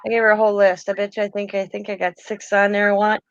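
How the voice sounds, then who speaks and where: A woman's voice: mid-range voice, little pitch movement, fast, clear, resonant tone, dry recording. A middle-aged woman hosting a casual crafting chat, rambling through family stories and correcting herself as she goes. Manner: rambling, self-correcting storyteller. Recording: dry, slightly muffled.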